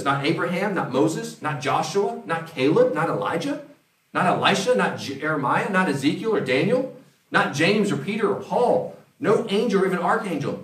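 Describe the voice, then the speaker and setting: A man preaching a conversational sermon, acting out quoted voices as he goes. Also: a little high. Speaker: pastor. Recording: roomy, from a distance.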